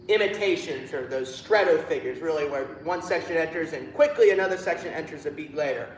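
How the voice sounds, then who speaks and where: A man's voice: on the high side, brisk, hardly any pauses, echoey room, poor audio. A man leading a choir rehearsal, coaching the singers and singing phrases to show them how. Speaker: choir director.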